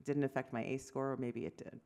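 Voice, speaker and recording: Woman, 50s, physician lecturer, fry-edged voice, lively storyteller. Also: extremely low pitch, fairly quick. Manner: animated storytelling, acts out dialogue, self-deprecating asides. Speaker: physician giving an award lecture. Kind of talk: lecture to medical audience.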